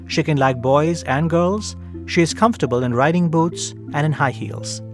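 A man hosting a radio feature, narrating a guest's story in a measured way and asking her questions. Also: fairly high pitch, music in the background. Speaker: radio show host and interviewer. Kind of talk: scripted narration with interview questions.

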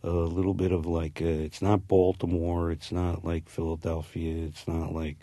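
A man's voice: deep voice, monotone, normal speed, mellow, dry recording. A man with a slight New Jersey accent, an actor talking through an interview in a rambling, reminiscing way that restarts its sentences. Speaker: actor guest. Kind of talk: casual interview.

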